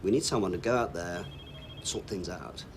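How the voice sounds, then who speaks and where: An actor playing a calm, paternal bank manager assigning a task. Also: male voice, low voice, normal speed, background noise, natural voice.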